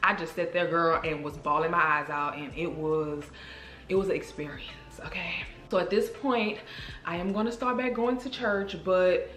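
A woman vlogger telling a story to her viewers in a casual, animated, emotional way, calling them girl and y'all. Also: on the low side. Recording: roomy echo with faint music.

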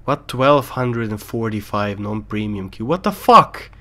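A man's voice: on the low side, expressive, measured pace, fairly bright tone. A young man with a German accent, hosting a gaming channel and ranting with frequent swearing as he waits in a queue. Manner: swearing, exasperated outbursts. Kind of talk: ranting gameplay commentary.

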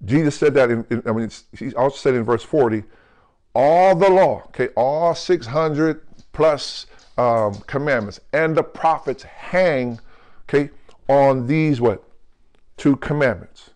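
Guy pastor preaching, medium pitch, keeps going "right? come on" at the crowd, drags out the bible words slow. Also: a little mellow. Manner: calls out to the congregation with questions like "right?" and "come on"; slows and stresses key words when quoting scripture. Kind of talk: sermon.

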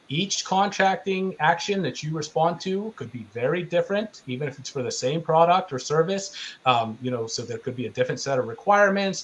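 A man's voice: fairly high pitch, low-quality recording. A man giving an online webinar presentation as a small business procurement specialist, talking in an earnest, emphatic and conversational way over a video call microphone.

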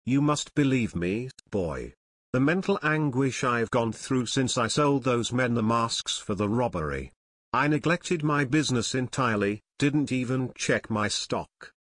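A man's voice: medium pitch, animated, a little slow, a bit bright, dry recording, clean studio sound. A man reading a frightened male costume dealer who speaks shakily and brokenly, in an audiobook. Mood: shaken. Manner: shaky, broken, pleading.

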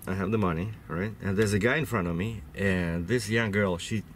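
Deep-voiced trucker rambling in his cab. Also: moderate pace, a little hiss or hum. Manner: rambling, chatty, with many fillers and restarts. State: runny nose, has a cold. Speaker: truck driver vlogger. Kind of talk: casual vlog storytelling.

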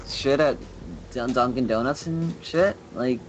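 A young man hosts a casual stream, talking in loose, profane rambles packed with fillers. His voice sits at an everyday middle pitch. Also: measured pace, a little hiss or hum, rough recording. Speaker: streamer host. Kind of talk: casual chat.

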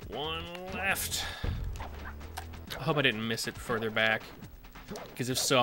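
A man streaming a video game, chatting casually in a rambling, self-correcting way and laughing often. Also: mid-range voice. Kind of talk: casual gameplay commentary. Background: game music.

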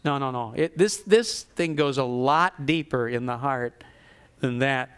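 Lively, clear-voiced male preacher. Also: a little high, a little slow. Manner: animated, acts out grumbling voices with scorn. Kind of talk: sermon.

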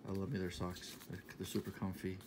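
A man in his thirties talking casually in a shopping haul vlog, enthusiastic and repetitive, sometimes dropping to a soft half-whisper. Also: sits low, completely flat delivery, brisk, noisy background. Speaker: vlogger showing a shopping haul.

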